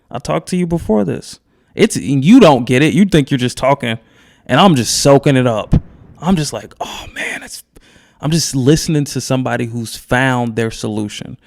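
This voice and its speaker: Gravelly, exuberant man telling a parable. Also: mid-range voice, a little mellow. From United States. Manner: exuberant, exclaiming, repeating phrases for emphasis. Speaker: recovery center executive, podcast guest. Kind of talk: emotional podcast conversation and parable telling.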